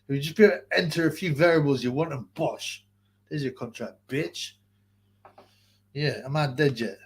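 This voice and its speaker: A man's voice: a little high, normal speed, husky. A man hosting a boxing channel, rambling and swearing through a casual live-stream rant. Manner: rambling, profane, restarts sentences often.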